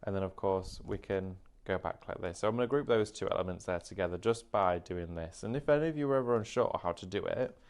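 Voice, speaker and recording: Low-voiced man demonstrating crafts. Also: quick pace, few pauses, a little mellow, clean tone. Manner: chatty step-by-step explaining. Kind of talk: live shopping craft demo.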